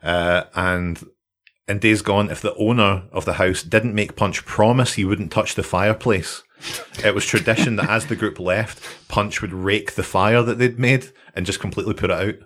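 A Scottish podcast host tells his stories in a loose, jokey way, swearing freely and laughing along. His voice sits fairly low. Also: steady tone, normal speed, a bit bright. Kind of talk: casual chat, storytelling.

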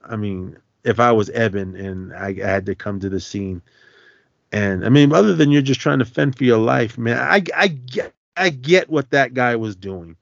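A man's voice: mid-range voice, moderate pace, gravelly, dry recording. A man hosting a podcast, casually retelling a film's plot in a loose, rambling way with lots of fillers and restarts. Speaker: podcast host. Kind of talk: casual movie recap. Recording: dull, dry lo-fi sound.

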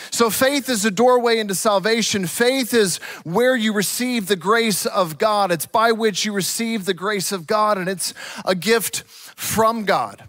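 Male preacher, high voice, dry close sound, earnest sermon delivery, repeats key words. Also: a bit bright, dry recording. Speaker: pastor.

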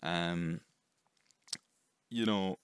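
A man giving a casual, rambling movie review, chatty and quick to swear. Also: low voice, clean tone, no echo, clean studio sound. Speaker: film reviewer.

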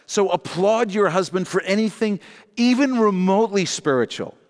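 Animated man preaching in a reverberant hall. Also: sits high, moderate pace. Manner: animated, joking preacher with repeated refrains. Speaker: pastor. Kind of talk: sermon.

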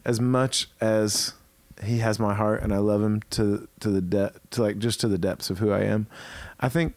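A man's voice: lowish voice, steady tone, normal speed, a little mellow, no room sound. Laughing man, dry mic. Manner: laughs often, playful teasing. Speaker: podcast co-host. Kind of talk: casual chat.

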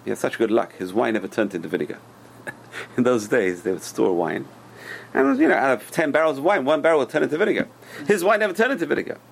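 A man teaching a Torah class, telling stories in an animated way and swinging between loud and hushed delivery. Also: mid-range voice, gravelly, breathy edge. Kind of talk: storytelling sermon.

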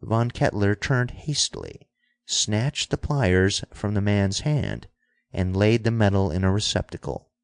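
Low-voiced male audiobook narrator. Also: animated, a little slow, creaky, no room sound. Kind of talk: scripted narration.

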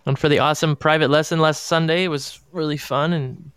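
A man's voice: a little high, fairly even intonation, a little fast, a bit bright, smooth, no echo, clean studio sound. A man hosting a casual call-in chat, talking in a friendly, chatty way. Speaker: host.

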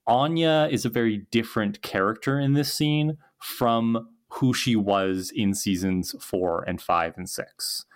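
A man co-hosting a casual recap podcast, musing enthusiastically about a scene he loves. His voice is on the lower side and his talk runs in long, thoughtful stretches. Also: a little slow, few pauses, clean tone. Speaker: podcast co-host.

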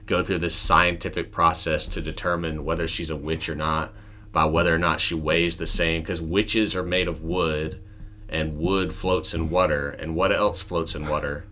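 A man hosting a podcast, chatting casually and acting out film scenes in high put-on voices. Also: flat delivery, moderate pace, sharp tone, a little hiss or hum. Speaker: podcast host. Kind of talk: casual chat.

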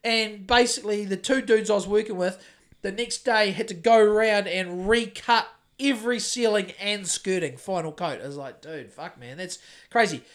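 A man's voice: sits high, moderate pace, a bit bright. Rambling sweary New Zealand guy. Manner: rambling and sweary, full of restarts. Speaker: podcast co-host, house painter. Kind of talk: casual chat.

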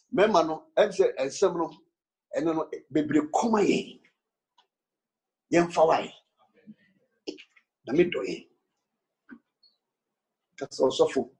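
Animated preacher man, lively swings in pitch. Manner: animated preaching, calls and responses, sudden shouts. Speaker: pastor. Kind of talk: sermon mixing English and Twi.

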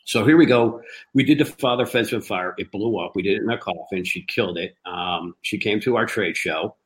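A man from a cigar company, a guest telling animated stories and acting out the dialogue. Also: lowish voice, brisk, poor audio. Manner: lively storyteller who acts out quoted dialogue. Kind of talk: animated anecdotal storytelling.

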